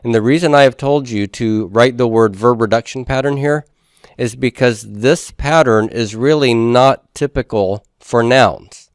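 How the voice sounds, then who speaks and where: A man's voice: mid-range voice, measured pace, no room sound, studio quality. A man teaching a Hebrew grammar class, explaining step by step and putting questions to the class before answering them himself. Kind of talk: classroom lecture.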